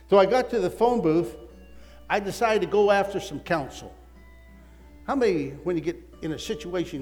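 An older man, a literature evangelist, telling a lively personal testimony story that swings between excited outbursts and hushed asides. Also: fairly high pitch. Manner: animated storyteller, voices his wife and prayers, excited swings. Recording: long hall reverb, faint music.

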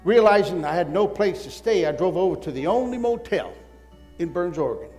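Older man, animated storyteller, slightly high voice, long hall reverb, faint music behind. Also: brisk. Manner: animated storyteller, voices his wife and prayers, excited swings. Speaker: literature evangelist. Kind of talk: storytelling testimony talk.

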